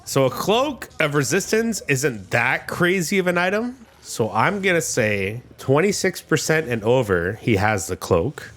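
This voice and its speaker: A man's voice: a little high, big pitch swings, a little slow, hardly any pauses, fairly bright tone. A man narrating a tabletop game as game master in a playful way, laughing often.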